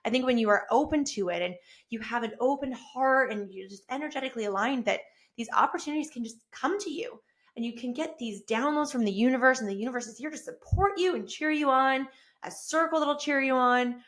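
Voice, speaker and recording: A woman's voice: high-pitched, brisk. A woman in her thirties hosting her own podcast, talking casually and enthusiastically. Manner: enthusiastic, effusive, rising to excited bursts. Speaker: podcast host. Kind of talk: casual solo podcast monologue. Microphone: self-recorded with camera.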